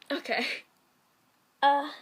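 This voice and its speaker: A woman who is sick with a sore throat, casually reading fan fiction aloud and breaking off to react with gasps and sighs as she stumbles over words. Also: sits high.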